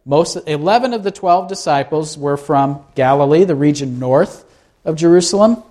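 A man's voice: fairly high pitch, animated, moderate pace, mellow. A man preaching a sermon in a conversational way, asking his listeners rhetorical questions. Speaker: pastor.

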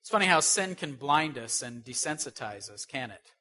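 Bright-voiced male preacher. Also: medium pitch, expressive, moderate pace. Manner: asks the listeners rhetorical questions; stresses key words, swings between loud and soft. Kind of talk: sermon.

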